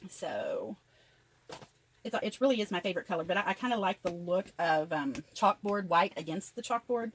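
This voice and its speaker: A woman's voice: on the low side, very animated, normal speed, slight background noise, low-quality recording. An older woman chattily narrating each step of a craft tutorial as she works. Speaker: craft vlogger.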